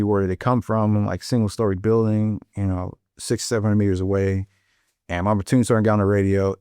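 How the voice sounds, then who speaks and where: A man's voice: on the low side, a little mellow, no echo, studio quality. A middle-aged man from St. Louis, a Marine veteran, telling a war story bluntly, with plenty of profanity. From St. Louis, USA. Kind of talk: storytelling in an interview.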